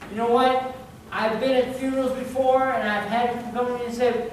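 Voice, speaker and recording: A man's voice: very high voice, little pitch movement, brisk. A male pastor preaching a sermon in a conversational way, often restarting and repeating words as he goes. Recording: very echoey hall, distant mic, background noise.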